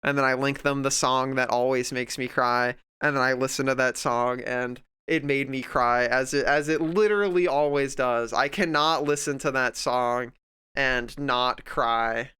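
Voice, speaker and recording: A man's voice: medium pitch, steady tone, unhurried, bright, forceful tone, clear, resonant tone, no echo. A man streamer chatting casually while he draws, rambling and heartfelt, full of fillers and restarts, close to the mic at home. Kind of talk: casual livestream chat while drawing.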